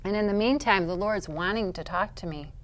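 A woman being interviewed, telling a personal faith testimony as a vivid storyteller. She drops to quiet, low narration and rises to loud, high-pitched bursts. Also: brisk. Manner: vivid storyteller who acts out her own past outbursts. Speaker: interview guest.

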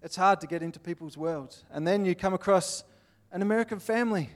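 A man's voice: high voice, a little fast. An Australian man giving an earnest, plainspoken sermon, with little acted-out scenes. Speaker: pastor.

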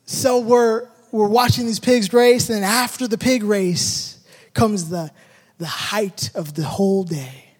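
A man with an unusually high voice tells a story about his family, acting out each beat with shouted sound effects. His words ring out with the long reverb of a large hall. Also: slow pace. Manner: animated, acts out the moments with shouted sound effects. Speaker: father telling a personal story. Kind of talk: storytelling talk with a life lesson.

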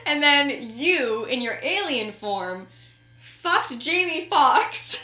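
Bright, giggly young woman in an echoey room. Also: high-pitched, slow. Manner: animated storytelling, giggly, swears freely. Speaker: podcast co-host. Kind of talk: casual chat.

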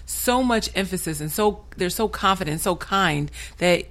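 Woman, bright voice, lively intonation, teasing, casual chat. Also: lowish voice. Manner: quick to laugh and tease with jokes.

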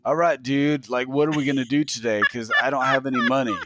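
A man's voice: medium pitch, steady tone, fast, heavy background noise, natural voice. A man voicing an over-the-hill male turtle with a laid-back slacker drawl. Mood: lazy.

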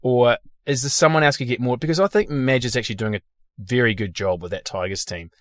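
A man's voice: medium pitch, quick pace, no echo. Blunt, sweary Australian man, dry sound. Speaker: podcast host. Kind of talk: casual podcast chat.

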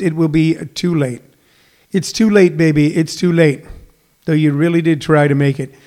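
A middle-aged man hosting a comedy podcast in a rambling, self-correcting way, full of fillers. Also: on the high side. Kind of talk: casual solo radio-style show.

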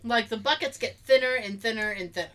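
A woman's voice: fairly high pitch, quick pace, pushed and bright. A woman with a Boston accent, chatting as a podcast co-host and acting out quotes as she tells a story, often breaking into laughs. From Boston area. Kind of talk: casual chat.

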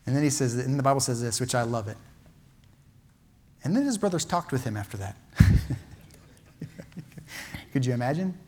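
A male pastor preaching a sermon with feeling, swinging from loud emphatic peaks to hushed, quiet lines. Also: medium pitch, animated, normal speed, long pauses.

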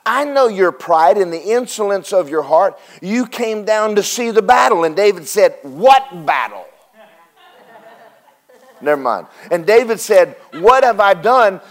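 A man preaching a sermon to a responding congregation, animated, with acted Bible voices and call-and-response. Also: high voice, unhurried. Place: church service with congregation responding.

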